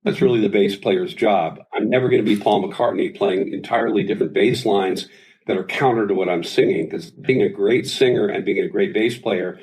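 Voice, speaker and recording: A man's voice: on the low side, a little fast, low-quality recording. A man in his sixties, a singer as interview guest, telling anecdotes in casual talk. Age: 60s. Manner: animated storyteller, does voices in anecdotes.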